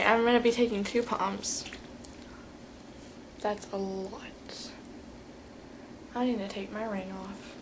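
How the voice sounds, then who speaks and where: A woman's voice: medium pitch, background noise. A teenage girl giving a rambling, chatty vlog tutorial, full of fillers. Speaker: vlogger.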